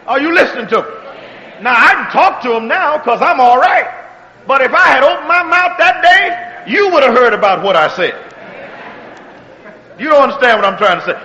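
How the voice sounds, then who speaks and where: High-voiced preacher calling out to the congregation. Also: male voice, expressive, big-room sound, lo-fi sound. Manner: call-and-response preaching, asks if the congregation is still with him; swings between quiet, drawn-out phrases and shouted exhortations. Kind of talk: sermon.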